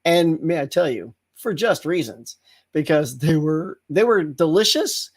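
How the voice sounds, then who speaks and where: Animated man hosting a casual livestream. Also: on the high side, measured pace, breathy edge. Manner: animated storytelling with laughs and acted-out yells. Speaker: host.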